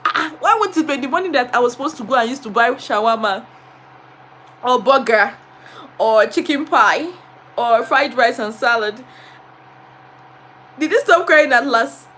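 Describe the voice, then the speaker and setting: A young Nigerian teacher tells stories on a casual live stream. She sits high in her range, with a bright, ringing tone. She is animated and dramatic, often laughing as she talks. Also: measured pace, pauses often, a little hiss or hum. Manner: animated, dramatic storyteller who laughs through her words. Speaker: teacher and vlogger.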